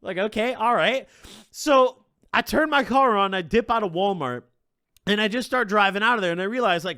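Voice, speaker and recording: A man telling a funny story on stream, animated and profane, with plenty of exaggerated emphasis. His voice sits high and bounces all over, and it has a bright, forward edge. The sound is close and dry. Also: normal speed, dry recording. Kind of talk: comedic storytime.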